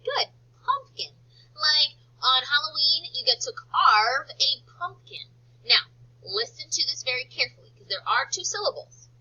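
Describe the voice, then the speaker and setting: A woman teacher leading a slow phonics lesson for young children, stretching out words for them to repeat and praising them often. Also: high-pitched, big pitch swings, sharp tone, highs cut off. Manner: slow, drawn-out word modelling and encouraging praise.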